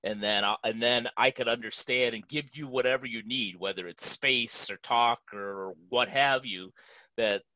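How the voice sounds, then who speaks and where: A man's voice: mid-range voice, normal speed, pushed and bright, dry recording, rough recording. A man hosting a podcast, talking in a loose, conversational way with lots of fillers. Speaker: podcast host. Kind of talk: podcast interview.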